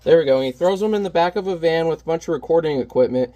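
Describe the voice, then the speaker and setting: A man's voice: fairly high pitch, racing, dark tone. A man who is a parent, chatting casually and candidly while painting on camera, rambling and self-deprecating. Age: adult parent.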